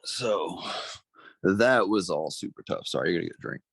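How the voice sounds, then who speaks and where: A man's voice: low voice, animated, normal speed, gravelly, breathy edge, no room sound. A young man from Missouri, a pro fighter, talking candidly in an interview, blunt and profane, getting emotional. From Missouri, United States. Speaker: pro MMA fighter, guest.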